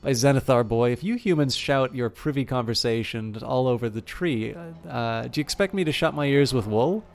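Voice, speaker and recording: A man's voice: medium pitch, moderate pace, vocal fry, few pauses, natural voice. A man voicing a proud, hot-tempered male elf warrior who swears oaths and speaks sardonically. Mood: sardonic.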